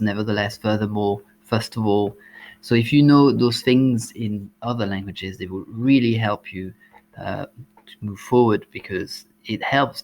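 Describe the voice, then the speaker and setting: A man with a French accent, a language teacher giving exam tips, explaining step by step with frequent ums and uhs. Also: medium pitch.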